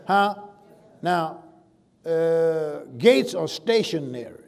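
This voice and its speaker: A man delivers a sermon in a slightly raised voice. He talks his listeners through scripture in a loose, conversational way. Then he slows and swells loud on the key words. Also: high-pitched, expressive, gravelly. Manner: preacherly, drawn-out emphasis on scripture with sudden loud swells. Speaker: pastor.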